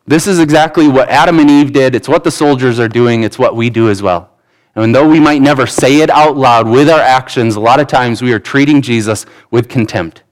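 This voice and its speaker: Guy preaching a sermon, acts out the quotes, lots of restarts, mid pitched voice. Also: a little fast. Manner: animated, acting out quotes from scripture; speech with frequent restarts and repeated words. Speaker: pastor.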